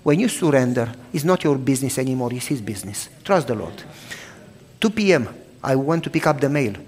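A man's voice: mid-range voice, quick pace. A man in his sixties, a pastor preaching a sermon and animatedly acting out both sides of the conversations in his stories. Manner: animated, acts out both sides of dialogues loudly. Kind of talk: sermon storytelling. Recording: long hall reverb.

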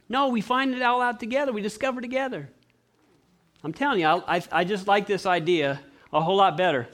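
A man preaching a sermon, animated and acting out the voices of the people he quotes. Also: high voice, brisk. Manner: clears throat often.

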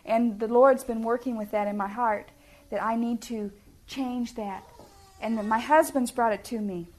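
A middle-aged woman speaking at a family ministry talk gives an earnest, homey, sermon-style address to parents, often putting questions to her listeners. Her voice is slightly high and steady, at a moderate pace.

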